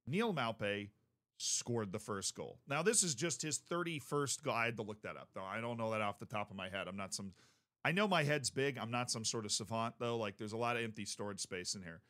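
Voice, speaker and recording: A man giving casual sports commentary as a YouTube host, telling the story in a joking, animated way and working himself up as he goes. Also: lowish voice, brisk.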